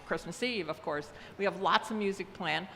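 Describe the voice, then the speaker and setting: A woman's voice: on the low side, moderate pace, gravelly, bright, forceful tone, slight background noise. An older woman who serves as a church leader, giving casual, rambling announcements full of fillers. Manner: chatty, rambling, many fillers. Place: church hall. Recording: echoey hall, faint ambience.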